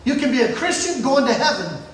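A man with a very high voice preaches in a church. He swings between shouting and hushed asides. The sound is heavily echoey, from a mic set back from him. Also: big pitch swings, brisk, a little hiss or hum. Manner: shouting and dropping to near whispers, playful asides. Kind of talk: sermon. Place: church sanctuary. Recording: very echoey room, mic at a distance.

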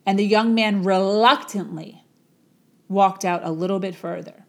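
A motivational speaker tells a parable in a dramatic, repetitive storytelling style. Her voice is mid-range and she speaks a little slowly.

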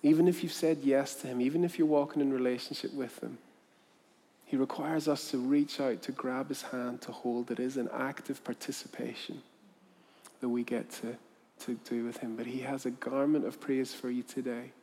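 A man's voice: mid-range voice, fairly even intonation, moderate pace. Storytelling male preacher in a reverberant hall. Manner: storytelling, acts out quoted voices, softens to quiet appeal. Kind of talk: sermon with told story.

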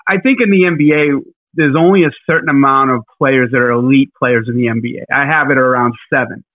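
A man's voice: medium pitch, fairly even intonation, fairly quick, no echo. A man co-hosting a casual podcast, talking in a rambling, hesitant way with lots of fillers. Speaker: podcast co-host. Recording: tinny phone-like line.

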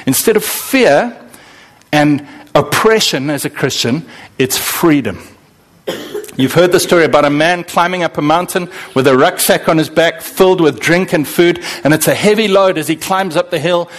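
A man from Zimbabwe, preaching a sermon with animated, dramatic swings in delivery. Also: moderate pace. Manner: animated, with sudden dramatic swings in pitch and pace. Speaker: pastor.

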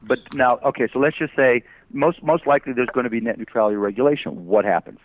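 A man's voice: mid-range voice, fast. Emphatic man on a tinny phone line. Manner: emphatic, argues through rhetorical questions. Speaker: guest entrepreneur. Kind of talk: phone interview.

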